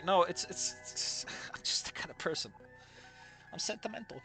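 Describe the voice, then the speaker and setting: A host reading fan fiction aloud and giving sarcastic, exasperated commentary, swearing, laughing and trailing off into quiet asides. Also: mid-range voice, fairly quick, faint music behind. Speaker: fan fiction reader and critic.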